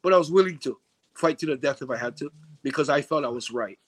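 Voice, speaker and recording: Appearing as a guest in a casual interview, a middle-aged man tells a story with animation, putting on the voices of the people he quotes. His pitch is fairly high and he talks fast.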